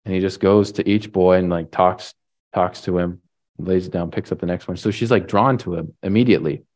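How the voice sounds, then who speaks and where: A man's voice: low-pitched, fairly even intonation, a little fast, darkish tone. A man preaching a sermon, retelling a story in a casual way with lots of "like" and "right?". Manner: casual, filler-heavy retelling with frequent "like" and "right?".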